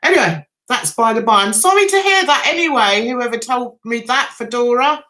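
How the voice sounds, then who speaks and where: Giggly high-voiced woman chatting on a livestream. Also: animated, moderate pace, bright, forceful tone. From England. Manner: giggly, chatty storyteller, laughs often. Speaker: livestream host. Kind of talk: casual livestream chat.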